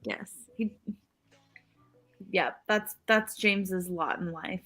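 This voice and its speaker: A woman co-hosting a podcast, running a vote in a teasing, brisk manner in casual chat. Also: on the low side, pushed and bright, faint music behind.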